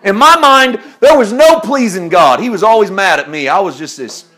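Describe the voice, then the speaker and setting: A man preaching a sermon, swinging from loud exclaiming to hushed, intimate tones, often laughing as he talks. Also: high voice, lively intonation, normal speed.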